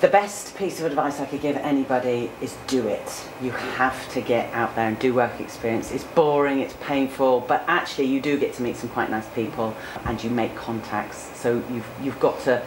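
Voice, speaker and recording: A woman's voice: very deep voice, normal speed, hardly any pauses. A woman in her forties from Cornwall, a news presenter answering interview questions candidly and chattily, with fillers. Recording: echoey room with noticeable background noise.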